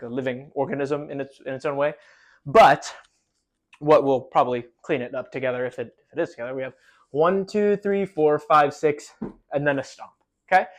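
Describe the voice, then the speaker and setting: A man teaching marching band choreography, explaining loosely with lots of fillers and counting steps aloud, a little out of breath from demonstrating. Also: mid-range voice.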